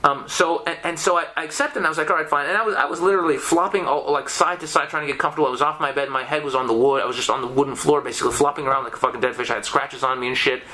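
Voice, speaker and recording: A man's voice: on the high side, racing, hardly any pauses. A young man on a podcast, casually telling a story with constant swearing and lots of restarts. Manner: profane, animated, many restarts. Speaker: podcast guest.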